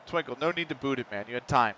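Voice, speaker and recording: A man's voice: mid-range voice, animated, fast talker, pushed and bright, dull audio, slight background noise. A man streaming a football management game, reacting live, swearing and calling out to the players on screen.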